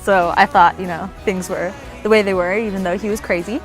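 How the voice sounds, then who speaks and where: A woman's voice: medium pitch, fairly even intonation, brisk. A young woman in her twenties tells how she met her fiancé, laughing often and acting out her own quotes. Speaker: bride-to-be telling her love story. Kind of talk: casual interview storytelling. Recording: soft music underneath.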